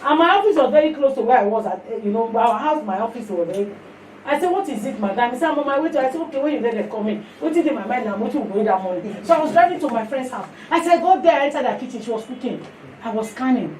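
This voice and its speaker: High-voiced woman preacher, echoey hall. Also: very fast, recorded from a distance, a little hiss or hum. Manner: switches into pidgin, animated storytelling. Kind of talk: sermon testimony and prayer.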